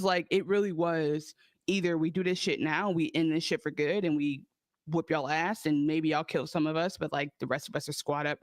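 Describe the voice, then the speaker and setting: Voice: medium pitch, no echo, clean studio sound. A co-host on a casual podcast, analyzing a TV episode in a loose, rambling way with fillers and swearing. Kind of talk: casual TV recap chat.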